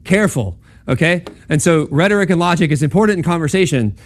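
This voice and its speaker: With a slightly high, expressive voice, this man talks fast while giving an informal lecture at a campus talk. In a conversational manner he checks in using "right?" and "okay?" and voices the quoted speakers in dialogue.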